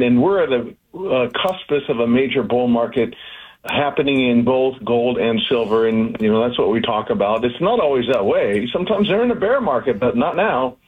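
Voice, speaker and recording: Male guest on the phone, husky, persuasive, lo-fi line. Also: animated, normal speed. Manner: earnest, persuasive pitch. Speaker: guest, investment firm founder. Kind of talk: radio interview.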